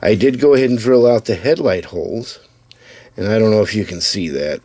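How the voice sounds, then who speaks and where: A man with a low voice gives a casual build update, pointing out parts as he handles a model car. He stays easygoing and plain, with small restarts now and then. The sound is dry, with little room around it. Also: brisk, a little mellow, no room sound. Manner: easygoing, talks to camera while showing parts, with small restarts. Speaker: hobbyist building custom slot cars.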